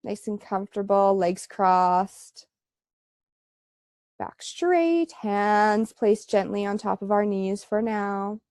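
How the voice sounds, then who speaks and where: Slow, relaxed woman guiding breathwork. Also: mid-range voice, dry recording. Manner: relaxed, chatty instruction with frequent fillers. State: congested. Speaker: yoga and breathwork teacher. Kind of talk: live online guided breathing class.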